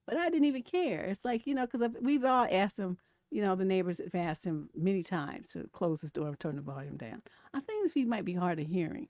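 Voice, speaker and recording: A woman's voice: on the low side, animated, a little fast, a little mellow, no echo, studio quality. Blunt, profane woman livestream host. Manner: blunt, profane storytelling with frequent laughs. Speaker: relationship coach and live stream host. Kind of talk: casual livestream commentary.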